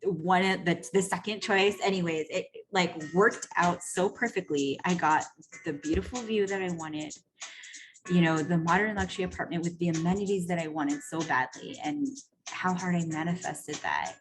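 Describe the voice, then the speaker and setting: A woman coach talks straight to her listeners in a loose, swearing monologue. Her voice sits a little low, and she fills her sentences with "like" and "right?" as she acts out what people said. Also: normal speed, background noise. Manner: chatty and profane, full of "like" and "right?"; animated, acts out quoted voices. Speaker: personal growth coach. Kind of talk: casual storytelling monologue.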